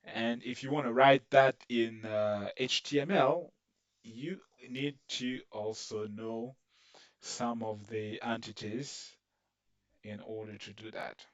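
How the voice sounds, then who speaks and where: Slow, patient male coding instructor. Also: medium pitch, steady tone, no room sound, recorded from a distance, highs cut off. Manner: slow, patient explaining with frequent "okay" and "uh". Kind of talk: screen-recorded coding lesson.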